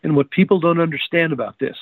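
A man's voice: fairly high pitch, fast talker, breathy edge, no room sound. A man being interviewed as a guest, telling a story emphatically and often repeating words as he restarts his sentences. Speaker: guest researcher. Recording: dry tinny phone-like line.

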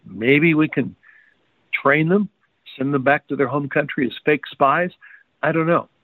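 Male guest, slightly high, emphatic, stumbling restarts, tinny dry phone audio. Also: no echo. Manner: emphatic, repeats words in quick restarts. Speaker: guest researcher. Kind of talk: interview storytelling.

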